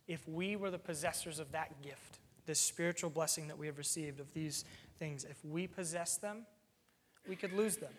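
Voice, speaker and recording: A man's voice: on the high side, fairly bright tone, long reverb tail. A man preaching a sermon, earnest and explanatory, working through a text with plain everyday examples and an occasional "um".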